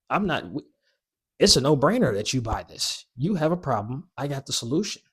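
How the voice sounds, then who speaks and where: A man's voice: medium pitch, very animated, normal speed, breathy edge. A man giving direct, coaching dating advice straight to camera in a casual vlog, repeating his key points.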